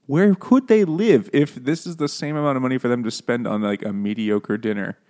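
A man's voice: mid-range voice, fairly quick, a little mellow. A man chatting casually about a book, joking and swearing, laughing often. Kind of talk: casual book discussion chat.

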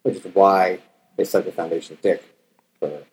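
A man's voice: low voice, fairly even intonation, normal speed, darkish tone, slightly rough, rough recording. A man co-hosting a casual podcast, making dry, offhand wisecracks. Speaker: podcast co-host. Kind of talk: casual chat over beers.

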